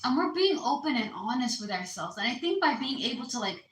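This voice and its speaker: A woman's voice: a little high, very animated, brisk, fairly bright tone, echoey room, low-quality recording. A woman giving a casual astrology card reading, chatty and slangy, calling her listeners baby. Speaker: tarot card reader.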